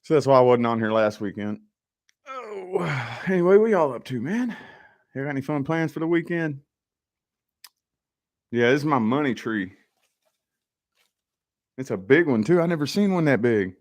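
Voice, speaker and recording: This live-stream host talks to his viewers from a home office, relaxed and rambling, never reading from a script. His drawl is sprinkled with "y'all" and "man," his pitch rises and falls a lot, and he stays animated at a moderate pace with long pauses.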